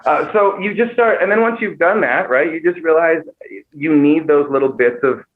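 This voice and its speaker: A man's voice: fairly high pitch, moderate pace. A man, a comedian and impressionist, chatting casually on a podcast and breaking into voices while he explains. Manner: animated, demonstrating voices as he explains. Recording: tinny narrow-band sound.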